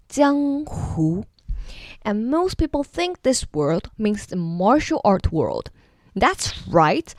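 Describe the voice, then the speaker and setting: A woman's voice: medium pitch, a little mellow, dry recording, studio quality. A woman hosting a casual explainer video, playfully demonstrating pronunciation with exaggerated examples. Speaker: video host teaching name pronunciation.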